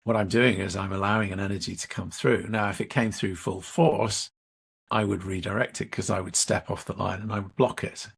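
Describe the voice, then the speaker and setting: A middle-aged man, a leadership coach and interview guest, telling a workshop story in a measured way and acting out the dialogue. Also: lowish voice, fairly even intonation, gravelly, fairly bright tone, slightly rough.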